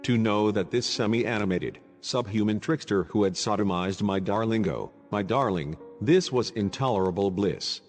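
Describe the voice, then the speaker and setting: A man with a fairly low voice narrates an audiobook in a measured, ironic, literary manner. His reading rings out in a long reverb. Faint music plays underneath.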